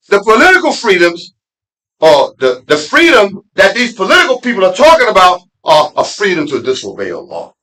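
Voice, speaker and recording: Middle-aged New imam, bright high-ish voice, conversational sermon that swings from quiet asides to loud emphatic peaks. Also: male voice, huge pitch swings, normal speed, long pauses, rough recording. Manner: street slang and laughter mixed into preaching. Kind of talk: Friday sermon. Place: mosque.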